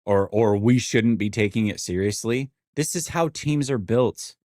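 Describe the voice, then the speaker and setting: A man in his forties hosts a live sports stream, venting with real frustration as he reads and answers chat. His voice sits fairly low. The sound is close and dry, with no room around it. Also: unhurried, warm tone, dry recording. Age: 40s. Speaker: sports show host.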